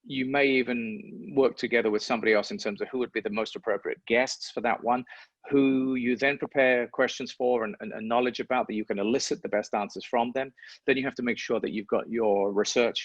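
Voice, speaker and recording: A man with a medium pitch and fairly even intonation speaks a little fast in a dry recording. He's a sports broadcaster giving a reflective interview, often repeating words, and the sound is dull and lo-fi.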